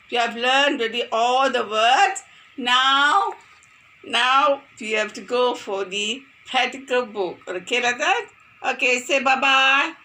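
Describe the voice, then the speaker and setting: A woman's voice: fairly high pitch, bright, forceful tone. A woman teaching a phonics lesson to young children, playful and sing-song, repeating words for them to copy.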